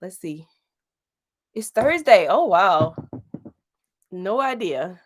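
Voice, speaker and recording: Rambling on a casual livestream, this St. Louis host in her late thirties laughs frequently as she chats. She talks slowly at medium pitch with big pitch swings.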